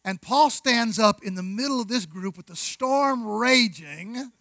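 A man preaching a sermon, conversational, with rhetorical questions, asides and slow, deliberate emphasis on key words. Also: high-pitched, animated, vocal fry, sharp tone, no room sound, low-quality recording. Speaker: pastor.

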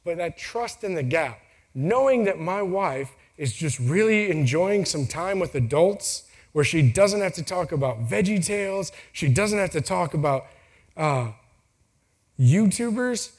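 A man's voice: sits high, animated, measured pace. Joking man telling family stories. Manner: joking, storytelling, acts out quotes. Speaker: speaker. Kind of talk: casual motivational talk. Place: venue with a timer for speakers.

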